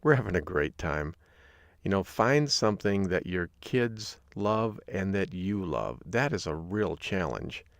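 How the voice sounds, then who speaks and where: A man's voice: low voice, expressive, a little slow, no echo, clean studio sound. A man from Michigan hosting a podcast, talking in an upbeat, jokey, folksy way. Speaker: podcast host. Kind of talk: solo podcast talk.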